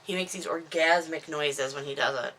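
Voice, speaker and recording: A woman's voice: sits low, moderate pace, a bit bright, a little hiss or hum. A woman in her thirties, talking into a camera at home, recaps her own book in a casual, rambling way full of digressions and self-mocking asides. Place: at home indoors, dog nearby. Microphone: camera microphone.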